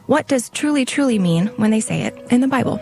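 Fast-reading woman announcer over music. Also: fairly high pitch, lively intonation. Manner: crisp, read from script. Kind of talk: scripted announcement.

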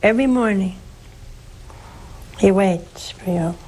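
An older woman, a nun, preaching and counseling callers on a religious call-in show, slow and emphatic, leaping up in pitch for stress. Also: mellow, a little hiss or hum, rough recording.

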